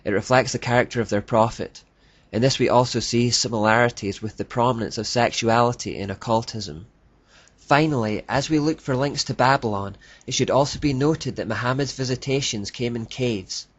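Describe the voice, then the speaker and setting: A man delivers scripted documentary narration at a steady, mid-pitched register. His reading is measured and declarative. The recording is close and dry, with a slightly muffled, lo-fi tone. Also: no echo. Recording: dull lo-fi dry voice-over.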